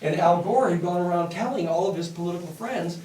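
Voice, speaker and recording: A man lecturing a university class, telling stories in a blunt, animated and profane way. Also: sits high, a little fast, a little hiss or hum. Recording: echoey classroom from a distance.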